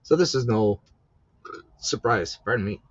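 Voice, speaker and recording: A man's voice: lowish voice, expressive, a little slow. A man hosting a podcast, ranting casually about politics in a profane, rambling, mocking way. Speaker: podcast host. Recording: slightly dull lo-fi audio.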